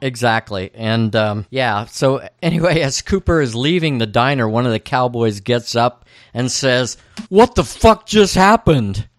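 A man on a podcast recaps scene after scene in a steady, casual way. His voice sits in a middle range. The close mic sounds dry, with no room sound. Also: mid-range voice, normal speed, dry recording. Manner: steady play-by-play retelling of scenes. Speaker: podcast co-host.

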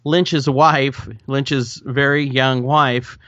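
A man co-hosting a podcast, casually discussing a TV episode, relaxed and a bit profane. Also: mid-range voice, very slow, no echo. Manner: loose, swears casually, frequent "right" and "yeah". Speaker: podcast co-host. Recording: dull lo-fi dry sound.

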